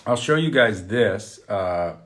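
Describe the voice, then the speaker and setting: A man's voice: on the low side, lively intonation, slow pace, fairly bright tone. A man hosting an art talk show on a live stream, chatting casually and greeting viewers by name. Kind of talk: casual livestream chat. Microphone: webcam on a live video stream.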